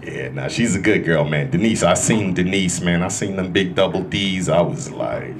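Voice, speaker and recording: A man doing a stand-up comedy set in a club, loud and crude, working the crowd as he tells stories. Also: lowish voice, moderate pace, few pauses. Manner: loud, crude, animated storytelling with crowd work. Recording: live club recording with room noise.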